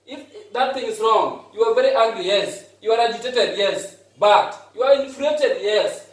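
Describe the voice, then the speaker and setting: A man teaching English vocabulary to a class, patiently repeating each phrase slowly to drive it home. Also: sits high, expressive. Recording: very echoey room, voice far off.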